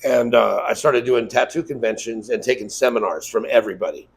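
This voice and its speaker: Profane storytelling man, mid-pitched voice. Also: fairly quick, creaky, husky, rough recording. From Las Vegas. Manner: loose, profane storytelling with acted-out quotes. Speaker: tattoo shop owner, guest. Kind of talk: casual interview talk.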